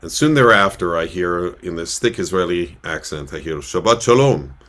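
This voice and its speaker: Very deep-voiced rambling male cantor. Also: moderate pace, bright, forceful tone. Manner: rambling, with many filler sounds. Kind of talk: casual storytelling on a livestream. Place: synagogue.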